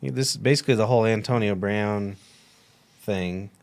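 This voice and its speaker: A man's voice: on the low side, moderate pace, gravelly, a little mellow, clear, resonant tone. Profane man in crude podcast banter. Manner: profane, teasing, dry. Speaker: podcast co-host.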